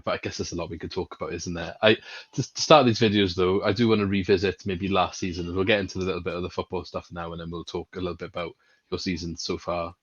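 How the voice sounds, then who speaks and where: Male podcast host, very low voice, dull dry sound, relaxed and chatty. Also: fast, no echo. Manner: relaxed, chatty, some hesitant restarts. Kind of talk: casual football podcast chat.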